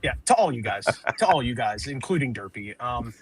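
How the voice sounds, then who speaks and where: A man's voice: mid-range voice, a little fast. A man joining a live show over a video call, chatting casually and earnestly thanking everyone. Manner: earnest, thankful, talks in long relaxed sentences. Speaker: returning co-host guest. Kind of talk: casual chat.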